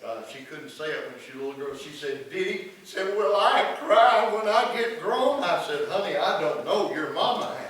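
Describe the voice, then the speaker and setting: A man's voice: a little high, big pitch swings, moderate pace, hardly any pauses, fairly bright tone, slight background noise. A middle-aged man, preaching in a folksy storytelling way in a church sanctuary. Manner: folksy storytelling with acted-out quotes. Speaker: pastor. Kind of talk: sermon. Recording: echoey church room from far off.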